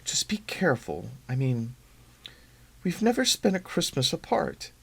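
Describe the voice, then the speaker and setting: A man reading aloud, voicing a gentle, worried mother who speaks softly, sometimes in a whisper. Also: medium pitch, big pitch swings, a little slow, voice pushed up.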